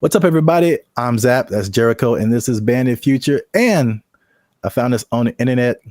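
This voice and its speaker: A young man hosting a podcast in relaxed, casual chat, laughing easily and talking in an animated way. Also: mid-range voice, fairly quick, no room sound, clean studio sound. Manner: laid-back, laughs often, animated. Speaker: podcast host.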